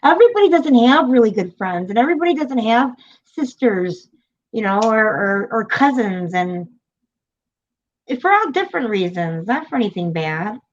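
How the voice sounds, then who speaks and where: A woman's voice: fairly high pitch, sing-song, normal speed. A woman hosting a live stream, chatting casually, rambling and swearing, with frequent laughter. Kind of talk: casual chat. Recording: muffled lo-fi audio.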